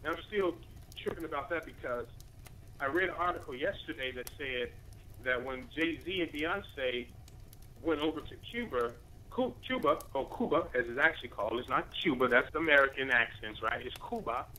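Man commentator with a bright, slightly high voice, talking loosely and peppering every point with rhetorical questions. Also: animated, moderate pace, slight background noise, poor audio. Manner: rambling, full of rhetorical questions and "right?" tags; addresses listeners as family. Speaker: radio commentator. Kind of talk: casual spoken commentary.

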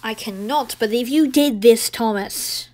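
A woman voicing a bossy, blustering railway controller who shouts and scolds in a home-made storybook. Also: mid-range voice, brisk, lightly acted. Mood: scolding.

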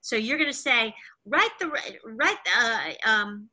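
High bright woman coaching an acting class. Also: lively intonation, moderate pace, few pauses, poor audio. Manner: encouraging, cueing lines. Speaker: acting teacher. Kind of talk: coaching a class over video call. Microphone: video call.

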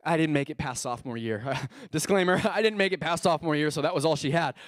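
High-voiced animated young man preaching. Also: fast, no echo, studio quality. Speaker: pastor. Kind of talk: sermon.

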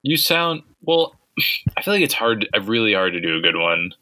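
A man's voice: on the low side, very animated, normal speed, sharp tone, no room sound, low-quality recording. A young man co-hosting a podcast in casual, joking chat. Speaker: podcast co-host.

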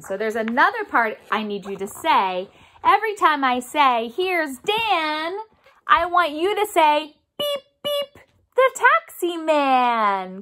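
A young woman leading a remote music therapy session for children, animated and sing-song, making instrument sounds with her mouth. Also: high voice.

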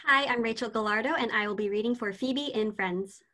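A woman's voice: fairly high pitch, a little fast, few pauses, sharp tone. A woman acting student, polite and eager in an online class.

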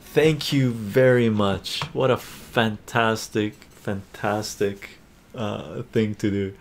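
A man's voice: lowish voice, slow pace, creaky. A man hosting a casual live stream, chatting upbeat with viewers and reading their comments aloud. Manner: excited auctioneer calling bids. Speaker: streamer hosting a points auction.

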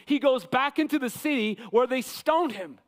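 A man preaching a sermon as pastor, impassioned, sometimes acting out quotes with rising shouts. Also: very high voice, moderate pace. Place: church sanctuary. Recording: long church hall reverb.

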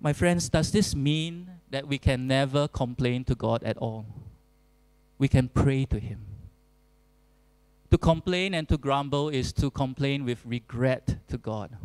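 Male pastor, earnest sermon delivery, unhurried and deliberate. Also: medium pitch, dark tone, smooth, dry recording, poor audio. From Singapore. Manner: earnest, deliberate preaching with emphatic repetition.

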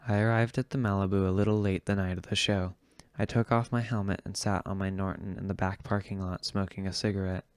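A man reading a novel aloud in the first person, with steady, understated narration. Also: low-pitched, a little fast, smooth, dry recording, clean studio sound. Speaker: audiobook reader.

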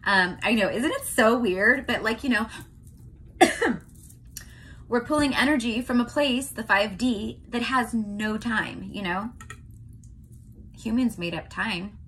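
A young woman from California giving a casual tarot reading to her viewers, chatty and often checking in with a quick "okay?". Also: fairly high pitch, a bit bright, breathy edge. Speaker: tarot reader.

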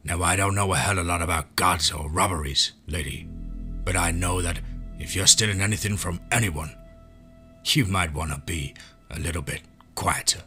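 A man voicing a gruff cowboy gunman who rasps his wry, folksy lines in a drawl. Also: sits low, fairly quick, bright, forceful tone, faint music behind. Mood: wry defiance. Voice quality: raspy.

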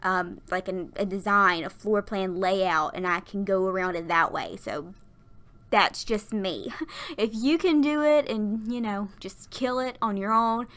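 A woman's voice: mid-range voice, expressive, unhurried, a bit bright. A woman in her twenties, tired and out of breath, chatting and laughing as she narrates a game build at her workplace. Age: 20s. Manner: chatty and rambling, laughs often. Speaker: YouTuber narrating a Sims build. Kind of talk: casual voiceover chat. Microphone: desktop USB mic.

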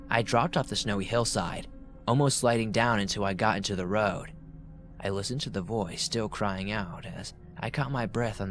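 A man narrating horror stories in a steady reading voice that drops to a hushed tone in tense parts. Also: on the low side. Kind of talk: scripted horror story narration. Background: faint background music.

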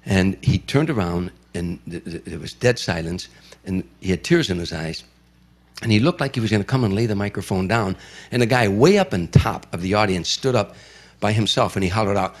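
A man's voice: fairly low pitch, brisk. An older man from Chicago, an entertainer, telling a vivid story in an interview and acting out the voices of the people in it. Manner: vivid storyteller who acts out quoted voices.

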